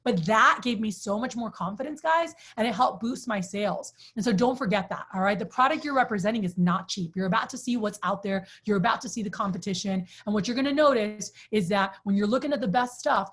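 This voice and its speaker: A woman's voice: mid-range voice, fairly quick, hardly any pauses, fairly bright tone, slightly rough. A woman giving a casual sales training talk to a group, telling stories in a chatty way with many fillers and asking the group questions.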